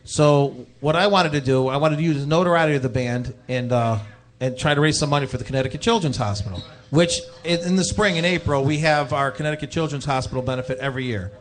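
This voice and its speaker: Man, band guest, easygoing, fillers, mid-pitched voice. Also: quick pace, hardly any pauses. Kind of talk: casual interview talk.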